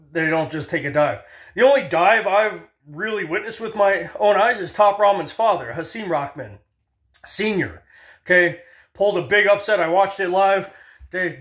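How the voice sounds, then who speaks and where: Animated, higher-voiced man ranting. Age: 30s. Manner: animated storyteller, swears, acts out voices. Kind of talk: casual ranting commentary.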